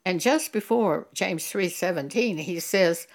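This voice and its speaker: A woman preacher giving an earnest sermon, teaching slowly and reading scripture aloud. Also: lowish voice. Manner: slow, deliberate, earnest teaching.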